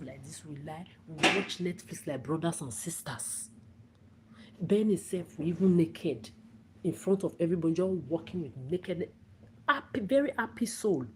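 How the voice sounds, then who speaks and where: A woman rants angrily on a livestream, swearing and repeating herself. Her voice sits low. A steady background noise is clearly heard under her. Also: normal speed. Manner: profane, repetitive, confrontational. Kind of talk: angry livestream rant.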